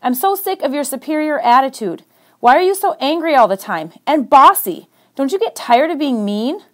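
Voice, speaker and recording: A woman's voice: sits high, expressive, normal speed, fairly bright tone. Storybook: woman reading earnest, defensive city teen boy, pleading and emphatic. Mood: exasperated.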